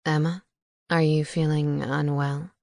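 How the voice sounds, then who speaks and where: A woman narrator voicing a smooth, charming male vampire who speaks low and attentively. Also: little pitch movement, measured pace, darkish tone, no echo, clean studio sound.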